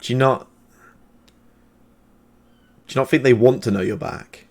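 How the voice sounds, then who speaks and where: A man voicing a watchful woman ally who speaks in a measured, quietly reproachful way. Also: medium pitch, gravelly.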